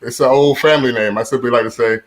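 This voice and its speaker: Deep voiced guy doing stand-up from a room at home, laughs at his own jokes, says uh a lot. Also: fairly even intonation, quick pace. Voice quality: deep voice, often compared to Mufasa. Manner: chuckles at his own jokes, many "uh" fillers. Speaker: stand-up comedian. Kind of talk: stand-up comedy set.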